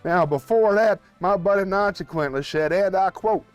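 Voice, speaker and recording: A man's voice: high voice, normal speed, clear, resonant tone, faint music behind. A man hosting a live stream in a folksy, joking way, chatting casually with his viewers.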